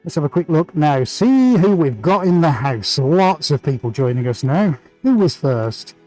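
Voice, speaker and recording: A man's voice: fairly high pitch, big pitch swings, measured pace, darkish tone, soft background music, rough recording. A man hosting a live painting stream, chatting energetically and greeting viewers by name. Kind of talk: casual live-stream chat while painting.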